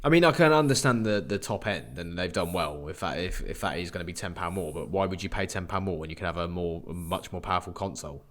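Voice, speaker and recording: Deep-voiced young guy, quick and blunt, opinionated. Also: steady tone, a bit bright, a little hiss or hum. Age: 20s. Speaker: podcast co-host. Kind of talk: casual chat.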